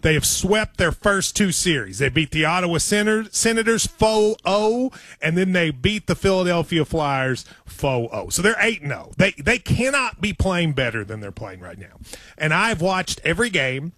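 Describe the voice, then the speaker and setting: A man's voice: high-pitched, moderate pace, no room sound. Chatty male sports radio host. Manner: chatty, excitable storyteller. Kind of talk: casual sports radio chat. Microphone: studio microphone.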